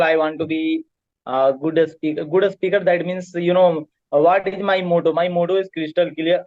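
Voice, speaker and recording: An English learner from India with an Indian accent, speaking haltingly with many fillers and restarts in a practice conversation. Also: male voice, sits high, no echo, muffled recording.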